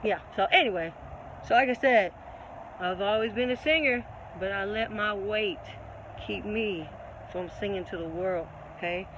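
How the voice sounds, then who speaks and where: An excitable woman answers viewers' questions in a loose, chatty live stream, her voice a little congested. She gets preachy and keeps calling people baby. Steady traffic noise from outside carries under her voice. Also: mid-range voice, moderate pace, dull audio. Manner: animated and preachy, calls listeners baby. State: slightly congested.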